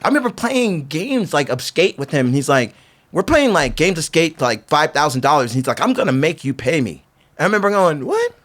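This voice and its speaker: A man in his fifties with a fairly high voice that leaps up and down as he tells stories. He slips into the voices of the people he quotes and scatters "like" all through his casual interview talk. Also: a little fast. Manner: animated, acts out quoted voices, filler-heavy "like". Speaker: podcast guest, veteran pro skateboarder.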